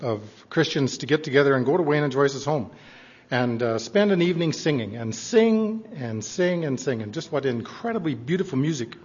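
An older man with a husky voice tells fond, earnest stories to his congregation. His voice rings out with a long echo in a church hall. The recording sounds dull and lo-fi. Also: medium pitch. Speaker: church member addressing congregation. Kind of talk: reminiscing speech to a congregation.

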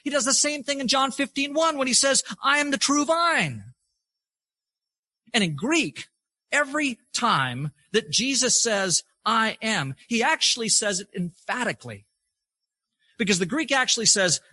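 Bright, lively-voiced male preacher. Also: very high voice, unhurried, no echo. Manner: emphatic, builds through repeated phrases. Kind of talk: sermon.

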